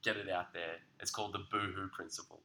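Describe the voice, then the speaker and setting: A man with a very bright, forceful voice that sits a little low in pitch. He co-hosts a relaxed podcast and keeps up energetic, sweary motivational banter. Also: fast, vocal fry, rough recording. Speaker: podcast co-host. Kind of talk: casual chat.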